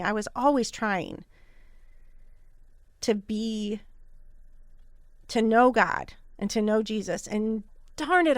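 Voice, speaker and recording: A candid woman in her thirties tells her own story with earnest feeling, her pitch sitting in an ordinary middle range. The sound is dry and close, with no room around her voice. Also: no echo. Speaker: podcast host. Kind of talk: personal storytelling.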